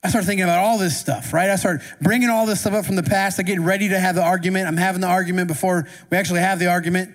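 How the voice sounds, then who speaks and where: A man's voice: high-pitched, steady tone, rapid-fire, hardly any pauses. A man preaching a sermon as pastor, talking conversationally and asking the congregation questions. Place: church sanctuary. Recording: long reverb of a church hall.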